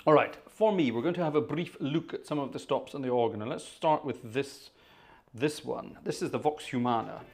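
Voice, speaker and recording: A man's mid-range voice comes through a room microphone at normal speed as he hosts a relaxed organ livestream from upstairs at home. He jokes around, chats with viewers, stays animated, and thanks them by name.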